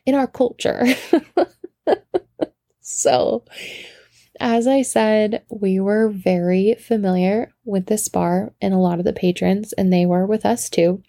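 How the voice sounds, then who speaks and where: A woman tells a casual story in a gravelly, mellow voice, animated and quick to laugh. She swears freely as she addresses her listeners. The sound is close and dry. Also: mid-range voice, dry recording.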